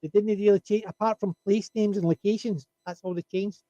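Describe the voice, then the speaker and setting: A man chatting on a panel, telling an animated anecdote and chuckling at his punchlines. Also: high-pitched, fairly quick, dry recording, dull audio. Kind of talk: casual storytelling chat.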